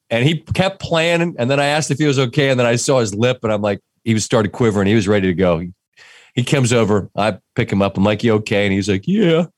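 A man co-hosting a casual sports podcast, telling a family anecdote in a relaxed way. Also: medium pitch, no room sound, studio quality. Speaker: podcast co-host.

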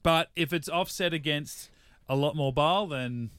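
A man's voice: fairly high pitch, a little slow, fairly bright tone, dry recording. A man with an Australian accent co-hosting a podcast, talking in a rambling, chatty way. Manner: chatty, rambling, reads listener mail aloud. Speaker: podcast co-host. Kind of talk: casual chat.

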